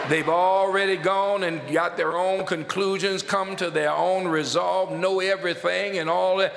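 A man's voice: high voice, fairly even intonation, moderate pace, vocal fry, hardly any pauses, a bit bright. A man preaching a sermon in an emphatic, folksy style, repeating phrases and stretching words out for stress. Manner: folksy Southern-style preaching with loose grammar. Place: church sanctuary. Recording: echoey hall sound.

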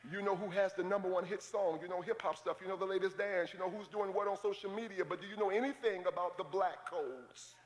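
Male pastor, high voice, preaching with humor, call-and-response, church hall reverb. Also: fairly quick, hardly any pauses, a little hiss or hum. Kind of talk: sermon. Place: large church sanctuary.

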